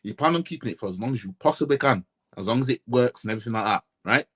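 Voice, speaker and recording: A man's voice: mid-range voice, expressive, very fast, fairly bright tone, breathy edge. A man from Yorkshire ranting in a casual football fan vlog, blunt and profane, repeating himself and firing off rhetorical questions. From Yorkshire, England.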